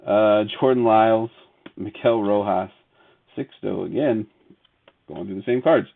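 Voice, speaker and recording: A man's voice: lowish voice, measured pace, gravelly. A man hosting a casual live sports card break, reading out player names and chatting with viewers. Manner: reads player names off cards in a running list; laughs often, chats with viewers between cards. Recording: tinny phone-like audio.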